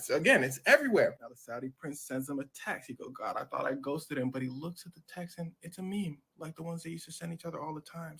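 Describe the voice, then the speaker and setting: A man's voice: fairly high pitch, creaky, a bit bright, slightly rough. A man on a podcast telling a dramatic story in slang, acting out each side's lines. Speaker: podcast host. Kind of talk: animated storytelling with voiced characters.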